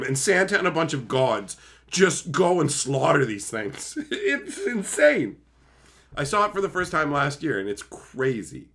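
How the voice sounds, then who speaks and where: A man hosting a casual livestream, chatting with viewers in a profane, animated way and slipping into quick silly impressions. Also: on the high side. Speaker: livestream host. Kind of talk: casual livestream chat, reading viewer messages.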